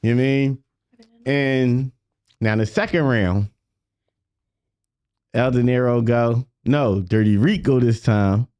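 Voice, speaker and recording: A man's voice: mid-range voice, slow, long pauses, a little mellow, smooth, no echo. A man, a rapper telling a story on a podcast, swearing freely and often repeating "you know what I mean". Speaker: guest rapper. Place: podcast studio.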